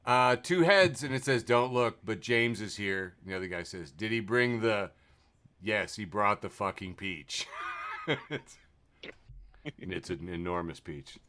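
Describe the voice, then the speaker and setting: A man's voice: on the low side, a little slow. A man hosting a podcast, reading memes aloud in casual chat and laughing often. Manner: laughs often, animated describing. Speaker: podcast host.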